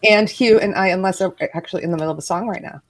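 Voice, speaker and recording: A woman hosting a casual livestream, chatty and quick to laugh as she thanks her guests. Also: medium pitch, background noise. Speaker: livestream host.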